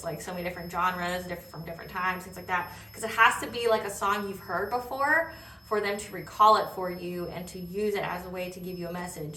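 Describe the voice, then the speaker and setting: Bright-voiced woman tarot reader, echoey. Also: fairly low pitch, a little hiss or hum. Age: adult. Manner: rambling, many fillers and "okay?" check-ins; laughs while telling stories. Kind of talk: casual spiritual reading. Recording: roomy echo, distant mic.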